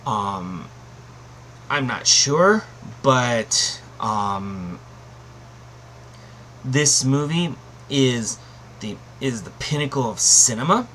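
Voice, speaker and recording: A man talks through a casual review at a middling pitch, rambling and restarting, then landing hard on emphatic claims. A faint hum of room ambience sits under his voice. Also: lively intonation, extremely slow, pauses often, a bit bright. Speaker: anime reviewer.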